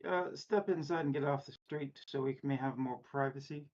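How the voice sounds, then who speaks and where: A man's voice: mid-range voice, moderate pace, darkish tone, lo-fi sound, lightly acted. A man voicing a male investigator in a put-on German accent, speaking formally and hesitantly in a tabletop game.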